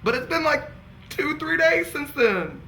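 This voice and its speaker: A man's voice: very high voice, big pitch swings, a little slow, gravelly, bright, forceful tone, slight background noise, rough recording. A man telling candid, campy stories to friends as a casual vlog, laughing often. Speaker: vlogger. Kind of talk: casual gossipy storytelling.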